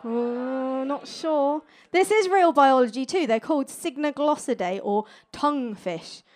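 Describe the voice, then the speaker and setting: High-voiced cheeky woman comic. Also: lively intonation. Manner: playful, cheeky, quick with jokes. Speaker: stand-up science comedian. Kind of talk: stand-up comedy set. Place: stage before a live audience.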